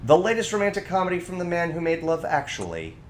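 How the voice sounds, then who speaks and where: A man co-hosting a podcast in casual chat, ranting with animated energy. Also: on the high side, fast talker, a little hiss or hum. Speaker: podcast co-host.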